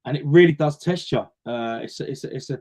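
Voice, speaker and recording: A man's voice: a little high, fast, a little mellow. A man, talking casually as a guest in an interview and acting out the voices of the people in his stories. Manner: chatty storyteller, acts out quoted voices. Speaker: guest singer.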